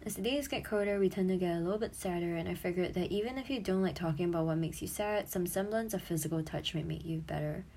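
A woman's voice: fairly low pitch, fast, few pauses, dark tone, a little hiss or hum. A woman in her twenties, an audio creator and streamer, chatting casually and giggling as she looks back on her old posts, swearing freely.

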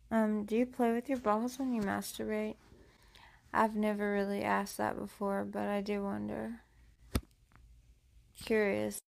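A woman making an intimate adult audio role-play, talking slowly and teasingly to the listener. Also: mid-range voice, creaky. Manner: slow, teasing, flirtatious talk addressed to the listener. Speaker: erotic audio creator.

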